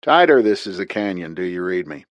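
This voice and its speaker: Narrator playing a blunt rancher in his 60s: low, gruff, dry-humored. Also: sing-song, brisk, dry recording. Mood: clipped. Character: gruff older male rancher, blunt and wry.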